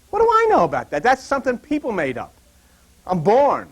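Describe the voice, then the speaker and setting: An older man teaching from the Bible in a loose, rambling way and wandering into personal anecdotes. His voice sits high for a man and swings widely up and down as he tells stories. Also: quick pace. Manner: animated, digressive storyteller.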